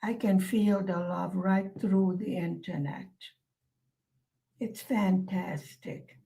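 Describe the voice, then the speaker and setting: Woman vlogger, casual chat, slow and soft-spoken, mid-range pitch. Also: steady tone, creaky, poor audio. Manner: soft-spoken and musing, with many pauses and fillers. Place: lives in Hungary.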